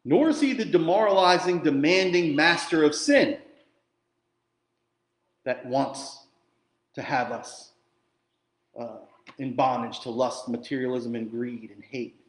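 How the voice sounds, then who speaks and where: A man preaching a sermon as pastor, from New Jersey, animated and conversational with jokey asides, swinging from quiet to loud and emphatic. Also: medium pitch, unhurried, long pauses, reverberant. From New Jersey, USA.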